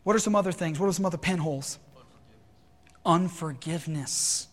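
A man preaching a sermon to his congregation, animated and acting out worried inner voices. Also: on the high side, quick pace, big-room sound. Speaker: pastor.

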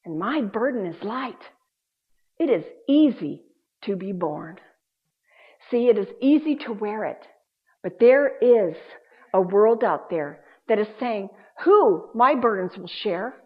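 A woman preaching a sermon, swinging between loud emphasis and hushed, quiet passages. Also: medium pitch, lively intonation, takes it slowly, pauses often, husky. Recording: dull lo-fi sound.

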